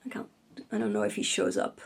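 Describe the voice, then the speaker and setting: A woman knitting vlogger at home, talking casually and rambling with fillers and self-corrections, giggling now and then. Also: quick pace. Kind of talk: casual chat. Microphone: vlogging camera.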